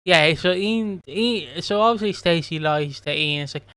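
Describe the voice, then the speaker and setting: Guy on a podcast going off about a soap, smooth clear voice, bit high, dry sound. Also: moderate pace, hardly any pauses, dry recording. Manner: animated, swears freely, acts out characters' lines. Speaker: podcast co-host. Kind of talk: casual chat recapping a soap episode.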